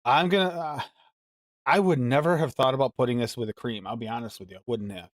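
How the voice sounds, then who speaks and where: A man's voice: medium pitch, quick pace, no room sound, clean studio sound. A man hosting a live mixing show, chatting casually and reading recipes aloud in a rambling, musing way. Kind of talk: casual live-stream chat.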